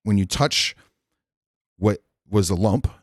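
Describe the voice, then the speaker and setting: A man's voice: on the low side, slow pace, no echo, studio quality. A man telling a candid personal story in casual podcast chat, frank and rambling, swearing freely. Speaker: podcast guest. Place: Nashville.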